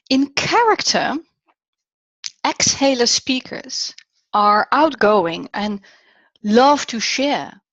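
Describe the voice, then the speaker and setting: A middle-aged woman with a Dutch accent giving an online talk on public speaking, animated and dipping to near whispers for emphasis. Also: on the high side, dry recording. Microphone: video call. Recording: dull, dry online audio.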